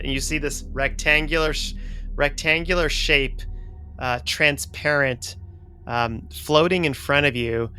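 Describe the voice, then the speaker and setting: Halting man narrating as game master. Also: medium pitch, sharp tone. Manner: halting, descriptive, many fillers.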